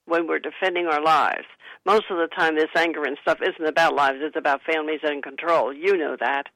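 An author talking about her book, coaching listeners gently and acting out soothing sample replies. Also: medium pitch, steady tone, fairly quick, no room sound, poor audio. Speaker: author and guest. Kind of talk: conversational advice talk.

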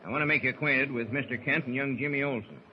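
An actor playing a firm, brisk sea captain who speaks curtly, in 1940s radio drama style, on a dull, hissy old radio recording. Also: male voice, medium pitch, natural voice. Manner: brisk, commanding, curt. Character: firm weathered middle-aged male sea captain.

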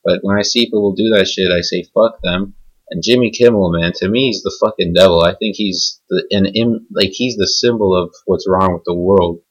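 A man's voice: low voice, fairly even intonation, fairly quick, few pauses, slightly rough, muffled recording. A young adult man delivering an angry, cynical, profanity-heavy rant. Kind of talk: profane ranting monologue.

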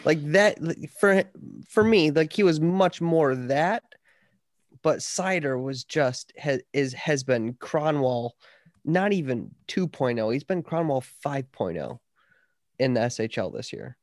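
A man's voice: a little high, lively intonation, a little slow, no echo, studio quality. A man co-hosting a sports podcast, talking casually and enthusiastically. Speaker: podcast co-host.

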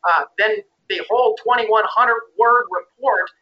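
A man, a founder appearing as an interview guest, speaking in a brisk, matter-of-fact way. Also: high voice, highs cut off.

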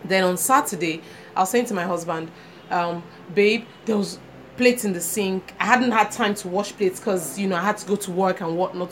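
A woman with a mid-range, fairly bright voice co-hosts a chat show, telling a story with plenty of animation and impersonating the people she quotes. It's casual conversation with faint noise in the background.

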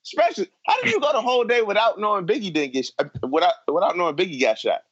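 A podcast guest with a high, husky voice that swings widely in pitch. He talks in a lively, questioning way. His sound is dry and dull, like a lo-fi remote line. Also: rapid-fire, dry recording. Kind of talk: casual chat.

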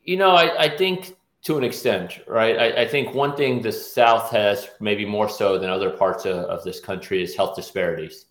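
A man's voice: lowish voice, moderate pace, few pauses, a bit bright, roomy sound. A middle-aged man from the American South, an orthopedic surgeon interviewed as a guest, talking with many restarts and fillers. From Nashville, US South. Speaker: guest, orthopedic surgeon and task force chair. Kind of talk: interview conversation.

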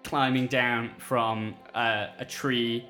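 A man's voice: mid-range voice, level tone, takes it slowly, sharp tone, soft background music. A man running a tabletop game, describing scenes casually with many fillers. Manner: casual, lots of "like" and "um". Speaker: game master.

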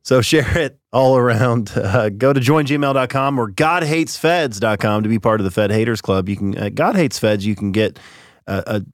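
A podcast co-host, a man with a medium-pitched voice at moderate pace, chats and laughs through casual political talk while reading listener comments and the show outro. The recording is dry and clean, studio quality.

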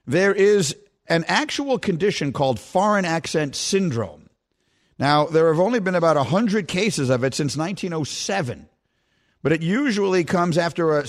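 Animated joking sports radio host. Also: male voice, on the high side. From New York.

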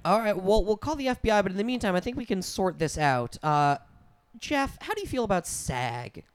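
A man's voice: high voice, very animated, a little fast, clear, resonant tone. A man improvising a fumbling character who poses as a mediator in a comedy sketch, hesitant and stammering, with frequent fillers. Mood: coaxing.

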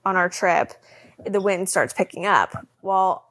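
A young woman co-hosting a podcast, telling a story in a casual, animated way and laughing often. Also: on the low side, a little slow. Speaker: podcast co-host.

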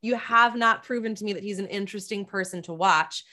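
A woman co-hosting a podcast in casual chat, chatty and quick to agree, with lots of fillers. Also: medium pitch, sharp tone. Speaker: podcast co-host.

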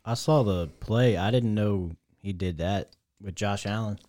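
A calm man offers measured, agreeable comments in a casual sports podcast chat. His voice is mellow and warm, and the sound is dry and close. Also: on the low side, no echo. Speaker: podcast co-host.

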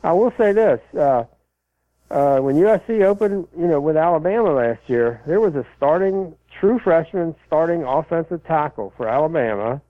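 A man casually answering listener questions about college football, rambling and halting with many fillers and restarts. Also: fairly high pitch, expressive, dry recording. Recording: tinny phone line, dry.

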